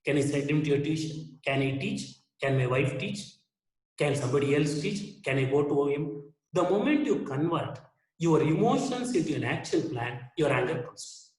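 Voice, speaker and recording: Man, lecturing in a roomy space. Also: fairly high pitch. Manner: explains with everyday examples and acts out quoted inner dialogue. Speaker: webinar speaker on anger management. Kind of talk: conversational lecture. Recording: roomy echo.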